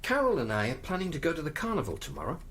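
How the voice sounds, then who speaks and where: Middle-aged father, soft and coaxing, lively pitch, played by an actor. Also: rapid-fire, a little hiss or hum. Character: gentle worried father. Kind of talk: audio drama acting.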